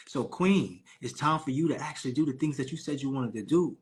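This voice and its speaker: A man's voice: medium pitch, a little fast. A man hosting a live call with preachy, hyped motivational talk. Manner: preachy, hyped, calls the audience Queen.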